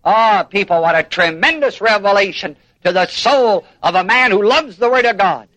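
Man preaching, very high voice, bright and forceful, emphatic, repeats key words. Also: moderate pace, no echo, rough recording. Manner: emphatic, prompts the congregation with "what?". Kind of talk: sermon.

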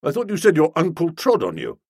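A man's voice: on the high side, huge pitch swings, a little fast, a little mellow, husky, no echo, studio quality, full character voice. A man voicing a resentful young policeman who talks bluntly and grudgingly, in an audiobook. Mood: surly. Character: gruff young male policeman, resentful and menacing. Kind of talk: audiobook character voice.

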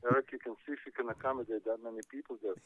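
A man's voice: medium pitch, fairly even intonation, very fast, no room sound. Older man joking dryly on a tinny phone line. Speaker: caller, host's father. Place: on a phone call.

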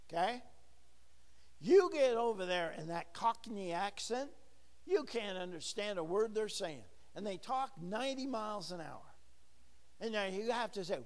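A man's voice: high voice, big-room sound. A middle-aged man preaching a sermon in a church, talking with the congregation and asking them questions. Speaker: pastor.

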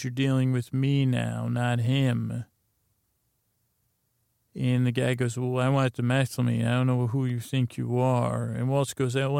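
A man casually recapping a TV episode, rambling and halting with many fillers and restarts. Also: mid-range voice, creaky, a little mellow, clean tone, dry recording, clean studio sound. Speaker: podcast host.

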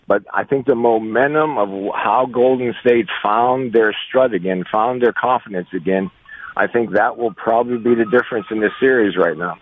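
A man calling in as a guest coach on a sports radio show, answering slowly with many restarts. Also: on the low side, dry recording. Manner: hesitant, many restarts, measured. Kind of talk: sports radio phone interview. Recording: tinny phone line.

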